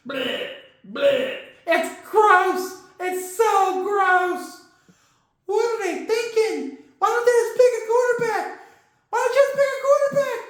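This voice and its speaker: Man doing a shrill frantic crocodile. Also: a bit bright. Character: hot-headed queasy green crocodile mascot. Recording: very echoey room.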